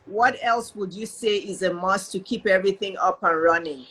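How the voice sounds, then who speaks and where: A woman hosting an interview as a business coach, talking in an animated, emphatic way and reading out viewer questions. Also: mid-range voice, moderate pace, husky. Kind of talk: casual interview chat.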